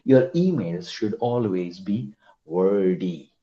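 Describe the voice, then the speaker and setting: A man's voice: sits low, slow pace. Man, online class teacher, quizzes students, roomy echo. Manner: lively, quizzes students by name. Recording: roomy, dull lo-fi online call audio.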